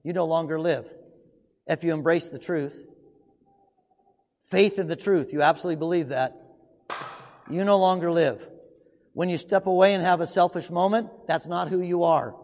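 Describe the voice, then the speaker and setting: A man preaching a sermon, asking emphatic rhetorical questions and swinging between loud outbursts and hushed passages. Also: a little high, moderate pace, pauses often. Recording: long hall reverb.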